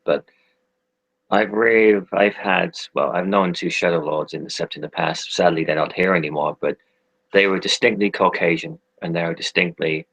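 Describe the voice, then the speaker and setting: A man playing a polite doctor with a low, gravelly voice. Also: moderate pace, fairly bright tone, dry recording, full character voice, poor audio. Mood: hesitant. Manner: polite, hesitant questioning. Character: polite, curious adult male doctor.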